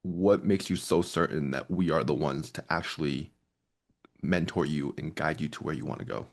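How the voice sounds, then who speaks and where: A man practicing as a sales closer, asking probing questions in a slightly halting way. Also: rumbling low. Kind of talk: sales call role-play.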